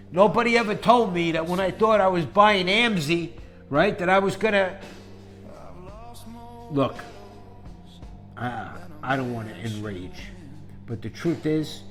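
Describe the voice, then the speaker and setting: A man hosting his own investing channel, swinging from calm explanation into a profane, combative rant while his voice is going hoarse. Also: medium pitch. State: losing his voice. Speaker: investing YouTuber. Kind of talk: angry ranting monologue.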